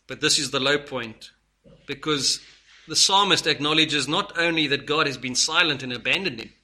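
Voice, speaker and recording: A man preaching a sermon, earnest, moving between loud stresses and hushed lines. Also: fairly high pitch, normal speed.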